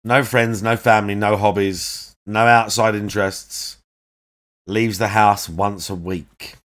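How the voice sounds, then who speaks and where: Slow, sarcastic swearing man. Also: on the low side, steady tone, fairly bright tone. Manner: sarcastic, swearing, laughs often. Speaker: commentator reacting to a streamer clip. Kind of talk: mocking reaction commentary.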